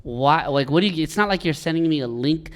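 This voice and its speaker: A man co-hosting a casual podcast chat, laid-back and curious, quick to laugh. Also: fairly high pitch, expressive. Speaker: realtor podcast co-host.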